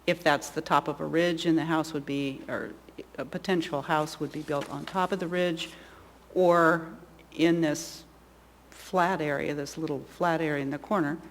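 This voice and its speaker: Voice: mid-range voice, steady tone, moderate pace, big-room sound, slight background noise. A board chair running a public hearing, speaking hesitantly with many restarts.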